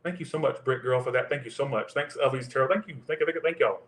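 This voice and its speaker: Doing a live tarot reading, a man trades crude, profane, joking banter. His voice is medium-pitched, fast, and fairly bright, and the recording has a roomy echo.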